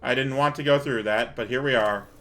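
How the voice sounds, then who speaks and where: A man's voice: medium pitch, brisk, a bit bright. A man hosting a let's-play who talks loosely and thinks aloud while he plays, now and then letting a swear slip. He sounds worn out and a little out of breath, in an ordinary middle register, with faint music playing underneath. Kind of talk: casual gameplay commentary.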